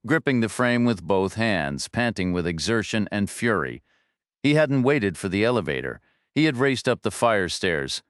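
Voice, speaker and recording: A man reading a thriller audiobook in steady, measured narration. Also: on the low side, clear, resonant tone, no room sound, clean studio sound.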